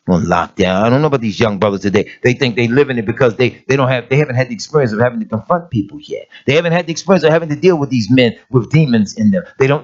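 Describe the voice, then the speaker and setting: A middle-aged man preaches in an emphatic, street-plain way, pressing his points home and calling on the congregation directly. His voice sits at an ordinary pitch for a man. The recording is dull and lo-fi. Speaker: elder of an assembly. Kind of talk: conversational sermon.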